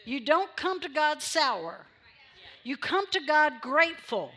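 A woman's voice: sits high, very animated, slow pace, pushed and bright. A woman pastor preaching a sermon in church, repeating phrases for emphasis and drawing amens from the congregation.

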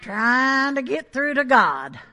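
A woman preaching a sermon in an animated, emphatic way, with asides and laughs. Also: sits high, takes it slowly.

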